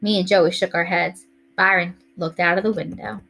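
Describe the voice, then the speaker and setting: A woman teacher reading a first-person novel aloud to a class in a steady storytelling way. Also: lowish voice, normal speed, gravelly.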